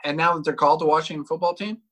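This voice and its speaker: Sports radio co-host, man, blunt and crude, slightly higher voice. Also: fairly even intonation, very fast, sharp tone. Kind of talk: casual sports radio banter.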